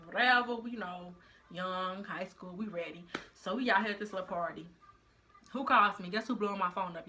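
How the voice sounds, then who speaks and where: A young woman telling a story in a casual vlog, animated and full of slang. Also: medium pitch. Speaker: vlogger.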